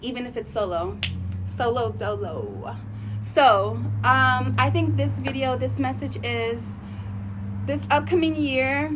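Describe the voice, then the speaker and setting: Chatty woman vlogger thinking out loud. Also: sits high, background noise. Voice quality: sensitive, emotional. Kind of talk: casual motivational vlog talk.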